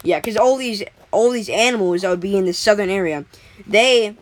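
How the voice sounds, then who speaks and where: A woman's voice: medium pitch, normal speed, poor audio. A woman casually making up a story as she goes, rambling with lots of fillers and restarts.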